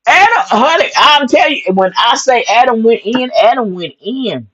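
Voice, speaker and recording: Woman, sassy wrestling recap host, husky voice, swooping pitch, lo-fi recording. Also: normal speed. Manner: animated, sassy storytelling with "honey" asides and acted-out quotes. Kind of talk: excited casual wrestling recap.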